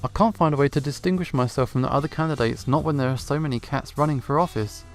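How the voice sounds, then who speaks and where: Male reader as earnest cat senator, sheepish, mid pitch, game dub. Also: fast talker, soft background music, lightly acted. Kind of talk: visual novel voice-over reading.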